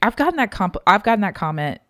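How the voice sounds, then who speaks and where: A podcast co-host in casual chat, with a calm, relaxed voice and a faint Southern US drawl. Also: medium pitch, quick pace, no room sound, studio quality. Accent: slight Southern US drawl. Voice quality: calm voice that listeners find soothing.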